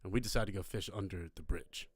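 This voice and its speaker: A man's voice: low voice, quick pace, no room sound. Dry-sounding man telling a story. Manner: animated anecdote-telling, casual cursing. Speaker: podcast co-host. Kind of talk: live podcast storytelling.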